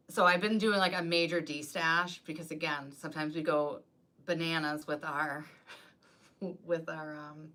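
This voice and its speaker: A rambling, chatty woman speaks on a casual live stream about her craft business. Her voice sits a little low for a woman but comes out bright and forceful. She strings her thoughts together loosely and leans on "like" throughout. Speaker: wreath designer and business coach.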